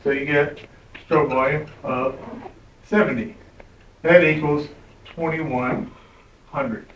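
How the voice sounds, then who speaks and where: A man's voice: on the high side, fairly even intonation, slow, slight background noise. A man teaching a class, talking conversationally and often checking in with his students. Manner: conversational, keeps checking in with "right?". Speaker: instructor. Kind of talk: classroom lecture with storytelling. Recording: roomy, distant, dull classroom recording.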